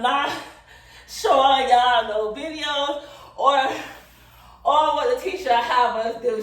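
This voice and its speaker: Breathless woman vlogger, slightly high, chatty and laughing, recorded from a distance in a very echoey room. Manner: laughing often, chatty, informal. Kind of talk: casual vlog demonstration. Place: room indoors, demonstrating yoga poses. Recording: very echoey room, somewhat far from the mic.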